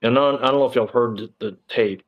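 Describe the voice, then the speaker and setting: A man's voice: mid-range voice, fast talker, lo-fi sound. A man, a former police officer telling his story in a casual interview, rambling with lots of fillers and frank swearing.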